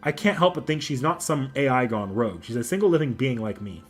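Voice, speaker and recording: A man reading the lines of a determined young game protagonist in his own steady voice. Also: mid-range voice, fast, soft background music, lightly acted.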